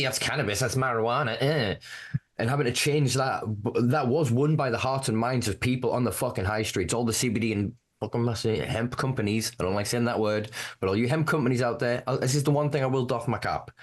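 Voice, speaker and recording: Fired-up Northern English man ranting. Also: fairly low pitch. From Northern England. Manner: passionate, profane ranting. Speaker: podcast correspondent. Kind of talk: casual podcast chat.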